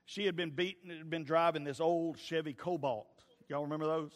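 Male preacher, high voice, folksy storyteller, big reverberant hall. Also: steady tone, moderate pace. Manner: folksy, storytelling, stumbling restarts. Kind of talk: sermon with personal stories. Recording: long reverb of a large hall.

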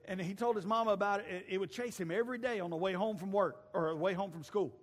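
A man preaches from the pulpit, slipping into voices and loud outbursts as he tells a story. His voice sits a little high for a man, and it rings through a large church with a long reverb trailing every line. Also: quick pace. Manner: storytelling preacher acting out voices, shouting at peaks. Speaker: pastor. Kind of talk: sermon. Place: church sanctuary.

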